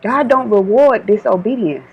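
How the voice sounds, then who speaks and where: A woman's voice: medium pitch, moderate pace, gravelly, breathy edge, highs cut off. A woman delivering an informal channeled spiritual message, emphatic and repetitive, switching between her own words and quoted divine warnings.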